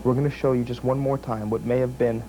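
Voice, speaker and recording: A man's voice: mid-range voice, level tone, fast talker, mellow, slight background noise, rough recording. A man giving grave, theatrical wrestling broadcast commentary.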